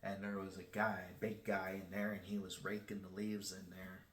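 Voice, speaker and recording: A man hosting his own channel, telling a personal story in a casual, halting way with many restarts. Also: sits low, little pitch movement, fairly bright tone, roomy sound. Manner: self-described shy. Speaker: channel host.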